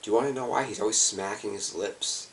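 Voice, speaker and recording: A man's voice: lowish voice, a little fast, fairly bright tone, distant mic, a little hiss or hum. An exhausted man rambling in a loose, profane way, with lots of fillers. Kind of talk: rambling personal video monologue.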